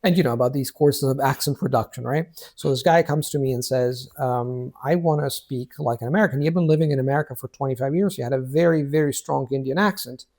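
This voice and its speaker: A man, a language coach, talking in casual conversation, animated and restarting his words often while he acts out quoted speech. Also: mid-range voice, quick pace, few pauses. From Italy.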